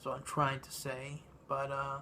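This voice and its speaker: A man giving a casual spoken movie review, halting and meandering, with lots of ums and uhs. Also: mid-range voice, completely flat delivery, sharp tone, a little hiss or hum. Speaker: film reviewer.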